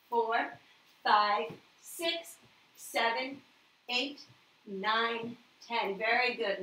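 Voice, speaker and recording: A woman teaching a children's yoga class, counting aloud and giving gentle, cheerful cues. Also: fairly high pitch, reverberant, far from the mic, low-quality recording. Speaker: yoga instructor.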